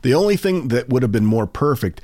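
A man's voice: medium pitch, very animated, brisk, dark tone, dry recording, studio quality. A male podcast co-host chatting casually, chiming in with wry quips. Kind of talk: casual chat.

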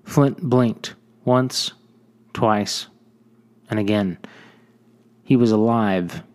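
A man reading a western short story aloud in measured audiobook narration. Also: on the low side, a little mellow.

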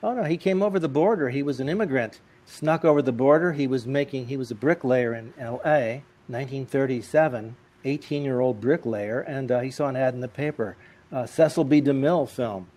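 A man telling lively, comic anecdotes as an interview guest. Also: medium pitch, brisk. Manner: lively, animated, comic timing. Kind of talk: anecdotal storytelling.

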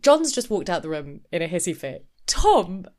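A woman's voice: on the low side, moderate pace. A woman co-hosting a podcast, chatting casually and acting out the people she quotes. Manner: animated storyteller who acts out quoted people. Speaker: podcast co-host. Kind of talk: casual chat.

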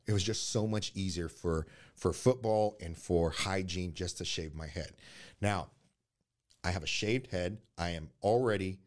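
A young man, a podcast guest, telling his life story in a candid, earnest way with halting restarts, speaking softly when it gets emotional. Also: deep voice. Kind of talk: personal life story in conversation.

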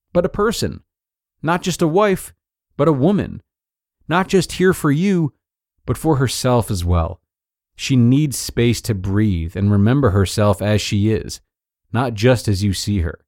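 A man hosts a podcast and reads an article aloud in an earnest, measured voice. His pitch sits in a middle range. The sound is dry and close to the mic. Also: a little mellow, no room sound. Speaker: podcast host and narrator.

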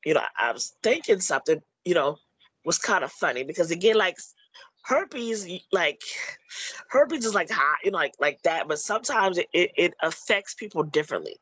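A man's voice: high voice, expressive, moderate pace, a bit bright, husky, no room sound, low-quality recording. A man talking about the movie he made in a casual chat, rambling with lots of "you know" and restarts. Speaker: filmmaker discussing his movie.

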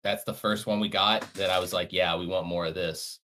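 A man with a very deep voice co-hosts a casual podcast. He jokes around and packs his sentences with fillers. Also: steady tone, brisk, bright, forceful tone, slight background noise. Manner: filler-heavy, joking. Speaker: podcast co-host.

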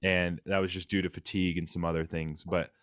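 A man hosting a casual chat, retelling a story with lively quoted voices and many fillers. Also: deep voice, fairly quick, dry recording, clean studio sound. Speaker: podcast host, fellow cyclist.

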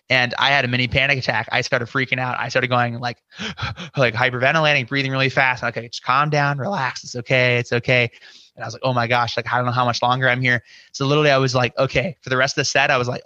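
Man, podcast guest, bright tense voice, rambling storytelling, acted-out quotes, dry slightly dull audio. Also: medium pitch, little pitch movement, quick pace, no room sound. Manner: rambling, full of "you know" and acted-out inner quotes. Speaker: podcast guest, scare actor. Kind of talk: casual interview storytelling.

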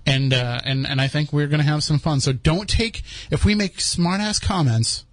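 A man's voice: fairly high pitch, moderate pace, no room sound. Male podcast host, casual joking storyteller, dry close studio sound. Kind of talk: casual live chat.

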